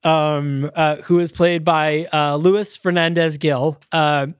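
Brief: male podcast co-host, fairly high voice, dry close sound, loose rambling film recap. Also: fairly even intonation, slow, clear, resonant tone, no echo. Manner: loose retelling full of uh and um fillers. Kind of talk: casual movie review chat.

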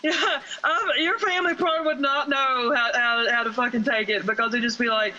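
A woman's voice: on the high side, fairly even intonation, brisk, few pauses, sharp tone. A woman co-hosting a podcast in casual chat, blunt and sassy with plenty of swearing. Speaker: podcast co-host. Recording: dull lo-fi with faint noise.

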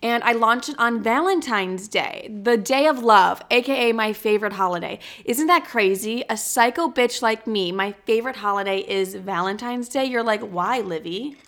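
A woman's voice: fairly high pitch, normal speed, hardly any pauses, fairly bright tone. Brash, foul-mouthed young woman podcaster. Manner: brash, profane and self-mocking. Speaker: podcast host. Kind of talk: casual solo podcast monologue.

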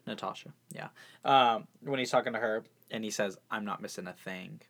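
A man's voice: on the low side, normal speed, vocal fry. A man co-hosting a podcast, talking casually and a bit hesitantly about a TV episode. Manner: relaxed, hesitant, many fillers. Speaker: podcast co-host. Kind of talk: casual chat recapping a TV episode.

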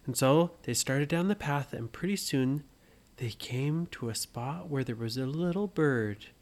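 A man slowly telling an improvised bedtime story to a child, gently asking the listener questions as he goes. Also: mid-range voice, animated.

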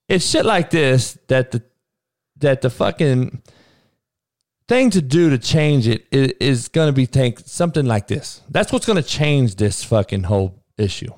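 A man, a coach, launches into a heated, preachy rant full of profanity, blunt and forceful in his points. His voice sits at an ordinary middle pitch. The recording is dry and close, with no room sound. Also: lively intonation, unhurried, no room sound. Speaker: coach and podcaster.

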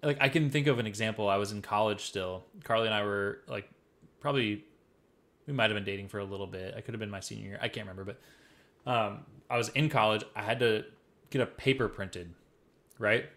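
A young man from the American Midwest co-hosting a podcast, telling stories in casual, profane, animated chat. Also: lowish voice, brisk. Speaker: podcast co-host.

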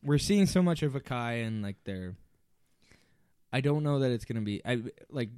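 A man's voice: medium pitch, expressive, normal speed, mellow, clean tone, no room sound, studio quality. A male podcast co-host in casual chat, sounding stuffed up and nasal, talking with lots of hesitant restarts.

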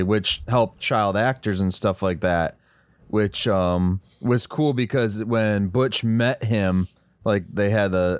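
A man's voice: on the low side, no room sound. A man co-hosting a podcast, rambling loosely in casual chat with lots of filler words. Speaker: podcast co-host.

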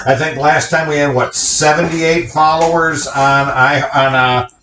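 A man co-hosts a casual home podcast, tossing out crude jokes and banter. His voice is bright and forceful. The room adds a noticeable echo. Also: fairly high pitch, fairly even intonation, unhurried, a little hiss or hum. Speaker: podcast co-host. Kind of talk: casual chat.

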